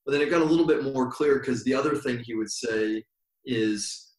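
A man guest on an interview, telling stories in a reflective, meandering way and slowing down for emphasis. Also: medium pitch, a little mellow. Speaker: yoga teacher, podcast guest. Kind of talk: relaxed storytelling interview. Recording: roomy echo.

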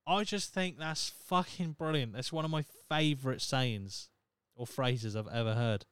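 In a casual monologue on his own podcast, a thirtysomething host with a Norfolk English accent meanders, swears and makes fun of himself. His mid-range voice is a bit bright and unhurried, at a measured pace. The tone is clean, with no room sound.

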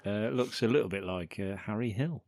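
Chatty brit guy with a lowish voice, keeps tagging on questions, dry close mic. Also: moderate pace, a little mellow, no echo. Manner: chatty, ends remarks with tag questions. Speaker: podcast co-host. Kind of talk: casual chat about a film.

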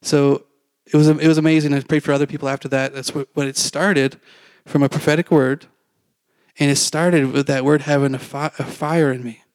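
Candid and self-deprecating, this man shares his own faith story with a congregation as a preacher's testimony, performing the dialogue as he goes. He speaks a little fast in a slightly high, level voice with a darkish tone, captured in a dry recording.

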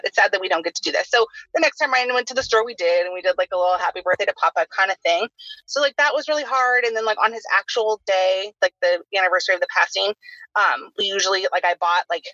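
A woman in her thirties talks quickly on a casual podcast, her voice bright and forward. She keeps dropping "like" between her thoughts. The sound is dull and lo-fi. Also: mid-range voice, dry recording. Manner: chatty, heavy use of "like" fillers. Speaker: podcast host.

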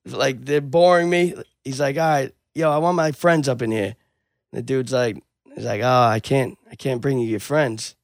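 A man's voice: medium pitch, moderate pace, dry recording, studio quality. A man retelling a story in casual chat, acting out the dialogue with lots of swearing. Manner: animated storyteller, acts out dialogue, swears a lot.

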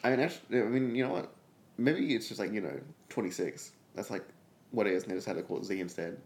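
A man's voice: lowish voice, quick pace. A young man from Australia co-hosting a comedy podcast, telling rambling stories with lots of swearing. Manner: rambling, swearing, animated storytelling. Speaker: podcast co-host. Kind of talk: casual comedic banter.

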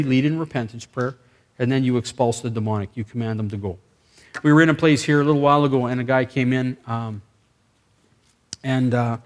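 A man preaching a sermon, telling a story with lively acted dialogue and sudden bursts of excitement. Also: medium pitch.

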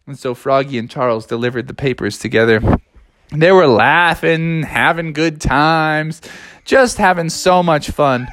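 A man's voice: on the high side, unhurried, a bit bright, slight background noise. A young man improvising a silly story, rambling and playful, laughing along.

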